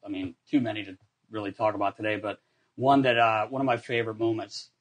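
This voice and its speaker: A man hosting a podcast, a former hockey player who tells locker-room stories in an animated way and often laughs as he talks. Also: on the low side, fast talker. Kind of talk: casual storytelling chat.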